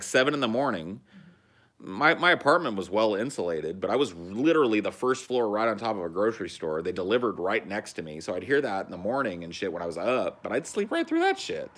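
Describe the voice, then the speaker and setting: Low-voiced man chatting loosely, lively pitch. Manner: loose and profane, breaks into loud silly sound effects. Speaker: podcast host. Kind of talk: casual livestream chat. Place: sitting outdoors at home. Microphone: phone stream.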